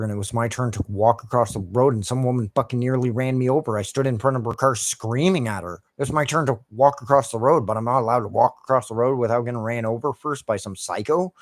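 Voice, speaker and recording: A man's voice: medium pitch, no echo. A young man ranting casually and profanely while playing a game, talking to his chat. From Canada. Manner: profane, frustrated ranting, swears constantly. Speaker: gaming streamer.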